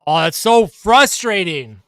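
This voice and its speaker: A man's voice: high-pitched, animated, slow pace, a bit bright, no room sound, clean studio sound. A man streaming live fan reaction and play-by-play commentary, swearing and ranting about calls. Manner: exasperated, swearing, rants at calls.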